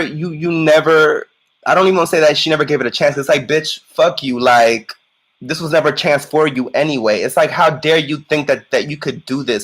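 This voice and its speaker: A man's voice: a little high, a bit bright, poor audio. A man co-hosting a sassy reaction commentary, campy, profane and emphatic. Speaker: co-host.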